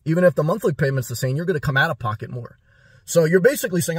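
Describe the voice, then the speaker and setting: A man's voice: on the high side, breathy edge, no room sound, studio quality. A man vlogging a direct-to-camera advice talk, preachy and repetitive, firing off rhetorical questions. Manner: preachy, rapid rhetorical questions, repeats himself.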